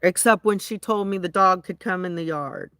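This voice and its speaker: A woman's voice: on the low side, normal speed, a bit bright, no room sound, clean studio sound. A woman ranting indignantly to her viewers in a rambling, casual way, often restarting her sentences. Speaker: vlogger. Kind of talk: casual venting rant to viewers.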